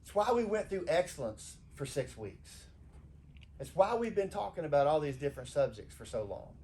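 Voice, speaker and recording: A man's voice: fairly high pitch, normal speed. A man, preaching an informal, conversational sermon in church and acting out the people he quotes. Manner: animated, conversational, acts out quoted voices. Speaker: pastor. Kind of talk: informal sermon to a small congregation.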